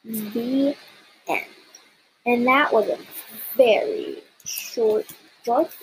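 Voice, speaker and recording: A woman reading a children's picture book aloud with expressive storytelling, soft and slow in places. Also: fairly high pitch, slight background noise, rough recording. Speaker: story reader.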